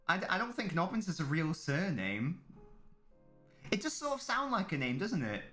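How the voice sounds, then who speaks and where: A man's voice: high-pitched, sing-song, normal speed, a bit bright, soft background music. Rambling, sweary streamer man. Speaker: streamer reacting to a football match. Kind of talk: casual live-stream chat.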